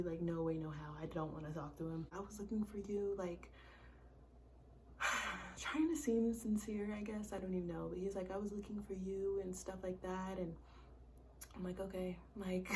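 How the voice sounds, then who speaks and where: A woman's voice: lowish voice, steady tone, normal speed, a little mellow, far from the mic, a little hiss or hum. A young woman telling a personal story in casual vlog style, blunt and profane, with many "like"s and "bro"s, sometimes dropping to a whisper. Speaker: vlogger.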